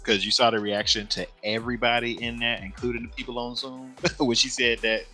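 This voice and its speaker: A man co-hosting a podcast in casual chat, animated and laughing often as he talks. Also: mid-range voice, fairly quick, soft background music. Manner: animated, laughs often, restarts mid-thought. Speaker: podcast co-host.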